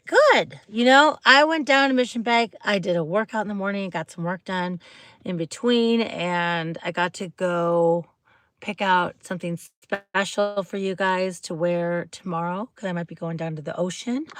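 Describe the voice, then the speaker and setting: Chatty woman rambling on a livestream in her car, mid pitch, dead dry sound. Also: fairly bright tone, dry recording. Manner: chatty and bubbly, acts out quotes in squeaky voices. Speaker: livestream host. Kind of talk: casual livestream chat. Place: inside a parked car. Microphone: phone held close.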